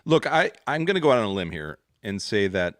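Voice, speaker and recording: Joking, animated male podcast host. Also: fairly low pitch, a little fast, dry recording, studio quality. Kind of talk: casual podcast chat.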